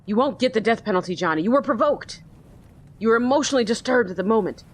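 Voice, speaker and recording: A woman doing a calm low detective. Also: fast talker. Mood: soothing. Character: steady male detective talking someone down. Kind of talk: reading game dialogue aloud.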